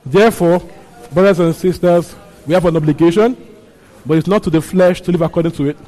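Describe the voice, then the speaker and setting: This sermon on a Bible passage comes from a man with a high, mellow voice, a steady tone, and a slightly fast pace. He echoes his own phrases and questions the congregation, captured on a low-quality recording.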